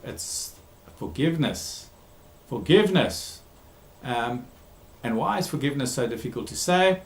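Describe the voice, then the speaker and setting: A man's voice: mid-range voice, lively intonation, measured pace. Man, therapist, talk on conflict, emphatic, repeats key words, lots of ums, roomy echo. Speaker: therapist giving a talk series.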